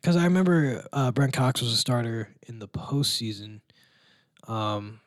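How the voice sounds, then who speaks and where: A man's voice: medium pitch, expressive, unhurried, no room sound, studio quality. A young man chatting casually as a student sports broadcaster, rambling and ranting with a laugh.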